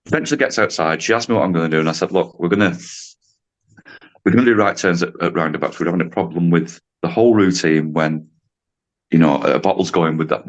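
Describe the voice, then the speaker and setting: A man in his late fifties tells a story on a podcast, his voice low and deep. He talks casually and acts out the voices of the people in his story, breaking into laughs now and then. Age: 50s. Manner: animated storyteller, acts out quotes, laughs often. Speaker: podcast guest, driving instructor.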